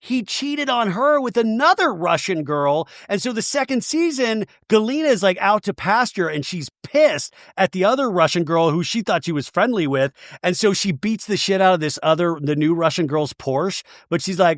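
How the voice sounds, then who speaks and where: A man hosting a casual chat, rambling along in an animated way with plenty of "like" fillers. His voice sits a bit high for a man. The sound is dry and close, with no room around it. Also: normal speed, no room sound. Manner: rambling, animated retelling with lots of "like". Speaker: podcast host. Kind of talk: casual chat about reality TV.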